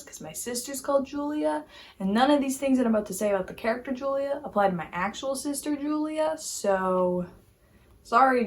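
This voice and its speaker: A woman giving a casual, animated opinion rant as a YouTube commentator, exasperated and full of "like" fillers. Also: a little high. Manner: animated, exasperated, heavy use of "like".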